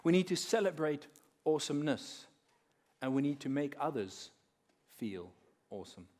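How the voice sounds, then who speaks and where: A man giving a conference talk on faith, telling stories in a measured way and dropping quiet for effect. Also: on the high side, sing-song. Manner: measured storyteller who drops quiet and slows for effect. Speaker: conference speaker. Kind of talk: talk on faith woven with storytelling.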